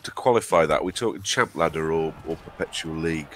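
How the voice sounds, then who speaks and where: A man's voice: rumbling low, a little fast. A man from England with a cold, co-hosting a live stream in casual, jokey banter. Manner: chatty, banter with jokey asides. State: has a cold. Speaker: stream co-host.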